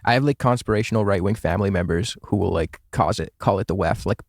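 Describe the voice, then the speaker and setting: Laid-back man, low voice, dry sound. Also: quick pace, gravelly, dry recording. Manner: laid-back, joking, political jargon. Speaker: podcast co-host. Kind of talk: casual political chat.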